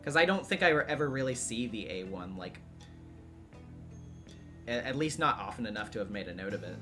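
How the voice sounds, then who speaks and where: A man's voice: fairly low pitch, expressive, a little fast. A man giving casual, rambling commentary on a game playthrough, laughing often, with game music behind. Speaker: let's play streamer.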